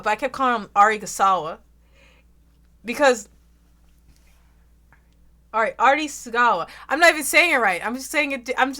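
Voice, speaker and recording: Loud southern girl streamer rambling to chat, swears a lot, bright sharp voice. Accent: American Southern. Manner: loud, rambling, swears freely, bursts into shrill laughs. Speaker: VTuber streamer.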